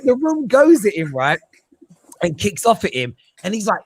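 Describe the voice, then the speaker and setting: Animated man. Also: a little high, fast talker, dry recording. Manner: animated, joking, mimics others in put-on voices. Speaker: football podcast pundit. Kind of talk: casual football chat.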